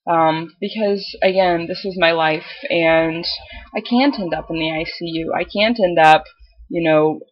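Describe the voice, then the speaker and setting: A young man with a light, girlish-sounding voice, talking in a casual video diary and pausing often with ums. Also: on the high side, muffled recording. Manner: hesitant, full of pauses and "um"s. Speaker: vlogger.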